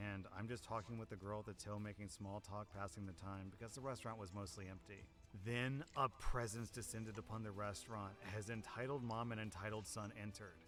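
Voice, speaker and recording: A young man reading online stories aloud, adding sarcastic, animated asides between them. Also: lowish voice. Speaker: Reddit story narrator. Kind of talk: reading online posts with commentary.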